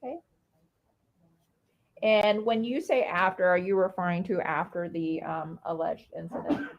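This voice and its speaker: A woman prosecutor questioning a witness in court, with methodical, measured questions. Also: fairly low pitch, steady tone, a little hiss or hum. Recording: dull lo-fi courtroom feed.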